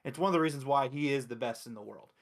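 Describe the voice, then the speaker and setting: A man hosting a wrestling review show in casual chat, excitable and profane, retelling events with quick acted quotes. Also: medium pitch.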